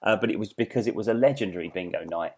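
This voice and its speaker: A man's voice: lowish voice, fast talker, gravelly, a little mellow, husky. A man co-hosting a podcast in casual chat, telling rambling stories with restarts and laughing at his own jokes. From England. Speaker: podcast co-host.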